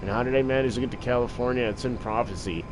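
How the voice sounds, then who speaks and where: A man's voice: medium pitch, fast talker. A man talking in a rambling, crude, profane casual monologue while playing a game. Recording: noisy with vehicle sounds behind.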